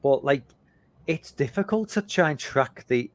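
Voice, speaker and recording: A man's voice: medium pitch, expressive, unhurried. A man co-hosting a casual movie chat stream, rambling and swearing freely with lots of restarts. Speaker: podcast co-host.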